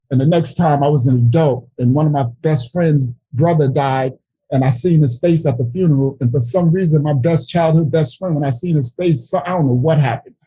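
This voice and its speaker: A man's voice: on the high side, dark tone, slightly rough, no room sound, low-quality recording. Emotional middle-aged man giving testimony. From New York City. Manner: earnest, halting, with frequent restarts. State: emotional, near tears. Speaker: Bible study teacher. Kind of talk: emotional personal testimony in a Bible study.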